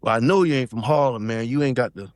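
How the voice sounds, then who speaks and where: A podcast guest from South Carolina tells a story in casual conversation, speaking fast in a mid-range voice and acting out quotes with shifting voices. The studio sound is clean, with no room sound.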